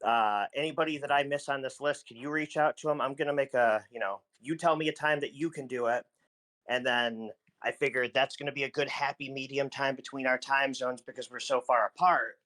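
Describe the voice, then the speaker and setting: A man's voice: mid-range voice, fairly even intonation, fairly quick, sharp tone. A man telling a long story in a casual group podcast chat, rambling and restarting as he goes. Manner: rambling, self-interrupting storyteller.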